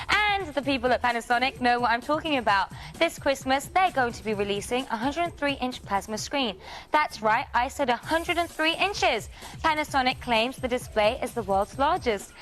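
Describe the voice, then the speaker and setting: A woman's voice: a little high, a bit bright. A woman with a British accent hosting a scripted entertainment news segment in a cheeky, playful way. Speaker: TV news host.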